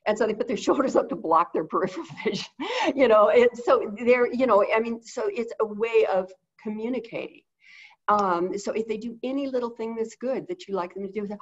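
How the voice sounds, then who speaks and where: A woman in a casual webinar talk, telling stories and cooing soft praise as she quotes herself talking to animals. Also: medium pitch, brisk, lo-fi sound. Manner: chatty storytelling, coos softly when quoting praise to animals. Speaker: animal behavior consultant.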